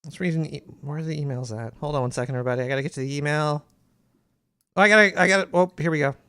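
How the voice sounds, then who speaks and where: A man's voice: on the high side, rapid-fire, sharp tone, smooth, no echo, clean studio sound. Man doing a rambling paranoid rat host. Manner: rambling, stammers and restarts while reading emails. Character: paranoid cartoon rat, male. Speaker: host of a call-in comedy radio show. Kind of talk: comedic call-in radio show.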